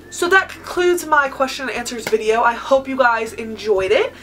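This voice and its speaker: A woman's voice: fairly high pitch, animated, moderate pace, a bit bright, faint music behind, low-quality recording. Chatty young woman from California. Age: 20s. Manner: chatty, sprinkles in "like" and "um". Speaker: beauty vlogger. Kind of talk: casual Q&A vlog.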